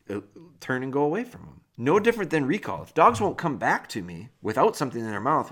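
A man hosting a podcast, giving casual, plain-spoken dog training advice with a folksy, animated manner. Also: mid-range voice.

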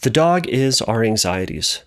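A man explaining anxiety through a long playful metaphor, animated and repetitive. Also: medium pitch, measured pace. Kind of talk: storytelling metaphor lesson.

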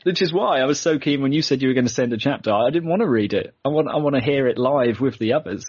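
Husky British man, jokey podcast host. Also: medium pitch, fast talker, a little mellow, dry recording. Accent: British English. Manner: chatty and jokey, laughs often. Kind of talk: casual podcast chat. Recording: dull lo-fi podcast audio.

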